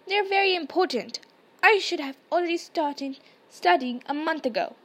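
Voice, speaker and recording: A studious young witch with a high voice, bossy and quick to exasperate, as a woman reads her. She is insistent and nagging. The voice stays light. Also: lively intonation, a bit bright. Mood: exasperated.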